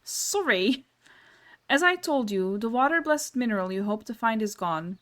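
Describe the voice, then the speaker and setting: A woman's voice: a little high, animated, normal speed, fairly bright tone. A woman reading aloud the lines of a mysterious, smug male game figure, with formal, old-fashioned diction. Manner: archaic, formal and mock-gracious diction.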